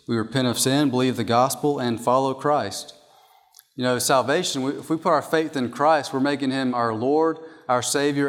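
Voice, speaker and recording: A man preaching a sermon from an outline, emphatic and repeating his key points. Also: mid-range voice. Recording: long hall reverb.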